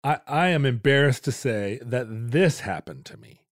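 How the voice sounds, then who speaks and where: A man's voice: mid-range voice, normal speed, no room sound, studio quality. A man from Alaska, co-hosting a podcast and telling self-deprecating stories in casual chat. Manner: self-deprecating storyteller, animated. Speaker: podcast co-host.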